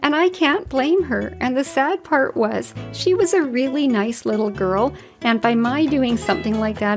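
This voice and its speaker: Earnest woman podcaster, higher voice. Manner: earnest, folksy storytelling. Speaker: podcast host. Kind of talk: personal reflective podcast talk.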